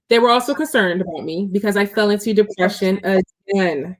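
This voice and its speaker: A woman's voice: mid-range voice, fairly quick, hardly any pauses. Woman, thirties, guest, candid storytelling, chatty, lots of fillers. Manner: open and chatty, many fillers.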